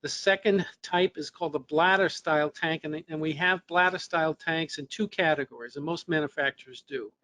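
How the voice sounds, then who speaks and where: A man's voice: on the high side, brisk, few pauses, pushed and bright, no room sound. A man presenting a technical webinar lesson, explaining step by step with fillers and restarts, his voice a little worn. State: losing his voice.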